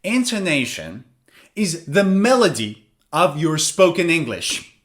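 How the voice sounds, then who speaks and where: A man teaching English pronunciation, demonstrating stress and intonation patterns with slow, exaggerated examples. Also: fairly high pitch, sing-song, fairly bright tone. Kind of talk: lesson narration with spoken examples.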